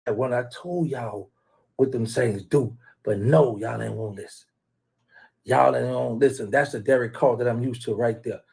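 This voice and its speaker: Gravelly-voiced man teasing rival fans. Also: medium pitch, moderate pace. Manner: teasing, rambling, trash-talking, shouts out viewers. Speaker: live stream host. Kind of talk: casual live-stream rant.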